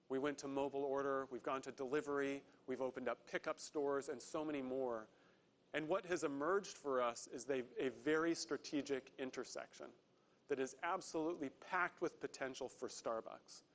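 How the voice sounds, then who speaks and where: A man giving a prepared corporate investor presentation, earnest, slowing down to stress key words. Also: mid-range voice, fairly bright tone. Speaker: company executive presenter.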